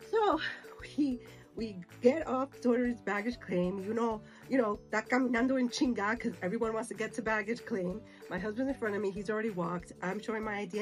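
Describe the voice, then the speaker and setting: A middle-aged woman from the United States recounts a travel mishap in a lively, chatty vlog voice, playing every part of the exchange herself. Her pitch sits in a middling range, and faint music plays underneath. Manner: animated, acts out dialogue, mixes Spanish phrases. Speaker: vlogger. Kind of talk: casual storytelling to camera.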